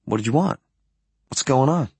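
A man voicing a pale, worn-out young man who answers in low, evasive, quiet phrases. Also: animated, normal speed, slightly rough, dry recording.

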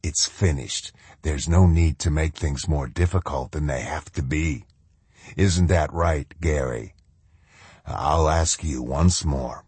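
Low hushed menacing colonel guy, slow and husky, man doing it. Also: dry recording, heavily acted. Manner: low, quiet, coaxing menace. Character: cold menacing masked male colonel.

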